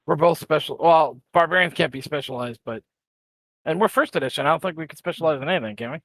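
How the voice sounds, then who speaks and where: A man's voice: on the high side, fast, a bit bright. A man playing a tabletop game, chatting casually and laying out tactical plans for his group. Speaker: player.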